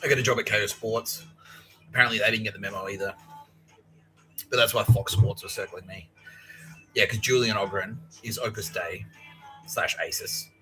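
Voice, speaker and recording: A man's voice: fairly low pitch, fairly even intonation, moderate pace, long pauses, music in the background, poor audio. A man with an Australian accent hosting a rambling, profane solo podcast monologue about conspiracies, often acting out other people's lines. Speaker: podcast host.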